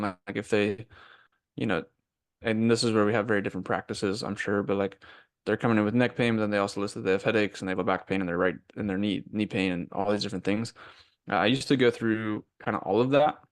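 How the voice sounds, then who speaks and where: A man co-hosting a podcast, explaining his chiropractic consultations casually with many pauses and restarts. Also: lowish voice, steady tone, no room sound. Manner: hesitant, restarts often.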